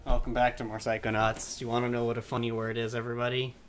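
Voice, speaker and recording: A man's voice: medium pitch, monotone, quick pace. A man co-hosting a let's play, chatting casually and joking at his own expense. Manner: joking, self-mocking. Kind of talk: casual gaming chat. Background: video game music.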